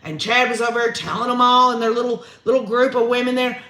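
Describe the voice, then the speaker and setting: High-voiced man chatting with viewers. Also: steady tone, fast talker, sharp tone. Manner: folksy and chatty, talks straight to viewers. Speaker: true crime live-stream host. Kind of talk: live-stream commentary reading viewer comments. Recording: roomy echo.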